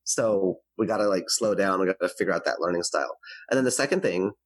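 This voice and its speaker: A man with a very low voice talks through parenting advice in a relaxed interview. His delivery is earnest and explanatory, and the recording sounds dry and close. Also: fast, dry recording, poor audio. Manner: earnest, explanatory, varies his pace to demonstrate. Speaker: guest expert on parenting.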